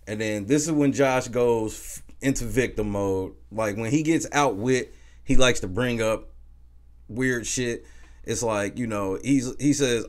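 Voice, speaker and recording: A man's voice: medium pitch, expressive, moderate pace. A man hosting a casual recap, talking loosely with profanity and laughing as he retells events. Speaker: show recap host. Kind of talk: casual reality-show recap.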